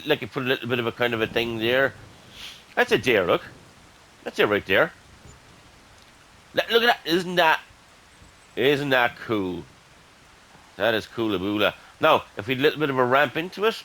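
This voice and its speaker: An Irish man giving casual, excitable gameplay commentary and chatting to his viewers as "lads". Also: fairly low pitch, rough recording. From Ireland. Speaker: gaming YouTuber.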